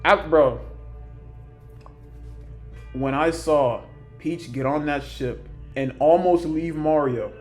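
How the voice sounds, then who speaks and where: A young man with a voice pitched a bit high talks in a loose, rambling rant. He jumps between points and acts out other people's lines in raised voices. Faint music plays behind him. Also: takes it slowly, pauses often. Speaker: YouTuber ranking characters. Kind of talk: casual ranting commentary.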